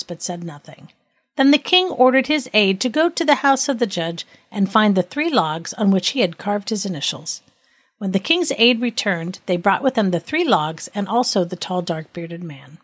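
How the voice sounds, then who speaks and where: A woman storyteller reading a folk tale aloud with expressive narration. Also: on the low side, moderate pace, dry recording.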